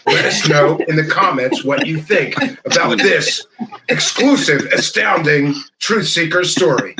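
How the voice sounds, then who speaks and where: A man's voice: fairly high pitch, lively intonation, a little slow, reverberant, noisy background. A man hosting a podcast, putting on a theatrical, hammy mock news announcer voice. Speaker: podcast host.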